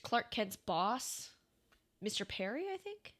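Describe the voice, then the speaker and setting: A woman's voice: medium pitch, sing-song, takes it slowly, a bit bright. Woman podcaster, casual chat, chatty, filler-heavy, laughs a lot. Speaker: podcast co-host. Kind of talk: casual comic book discussion.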